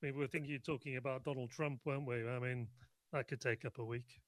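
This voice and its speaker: A man's voice: mid-range voice, fairly even intonation, quick pace, dry recording. A man, a guest on a radio talk show, wry and sarcastic. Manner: wry, sarcastic, laughs easily.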